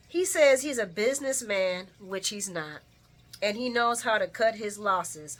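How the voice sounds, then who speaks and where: A woman doing a casual soap opera recap vlog, talking to viewers in a heated, animated, profane way. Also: mid-range voice, measured pace. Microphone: camera mic.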